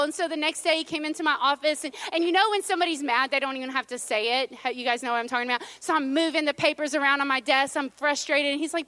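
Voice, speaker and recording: Lady pastor preaching, high voice, chatty and joking with the church, dry close sound. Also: fast talker, few pauses, pushed and bright, dry recording. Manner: chatty, storytelling, playful asides to the congregation. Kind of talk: sermon.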